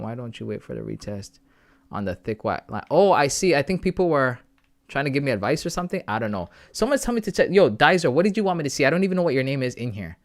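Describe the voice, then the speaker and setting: A man's voice: mid-range voice, expressive, quick pace. A man from Canada chatting casually on a live stream, reading viewer messages aloud and answering them from home into a close, sensitive desk mic.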